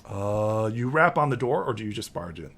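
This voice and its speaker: A man's voice: lowish voice, big pitch swings, moderate pace, fairly bright tone, slight background noise. A man narrating a tabletop role-playing game as game master, rambling with many fillers.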